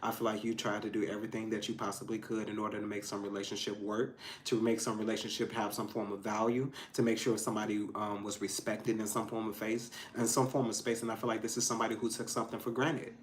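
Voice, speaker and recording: A man's voice: little pitch movement, fast, few pauses. Emphatic man giving a tarot reading. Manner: emphatic, swings between loud outbursts and low asides; frank and profane, addressing viewers directly. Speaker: tarot reader. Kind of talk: casual spoken tarot reading.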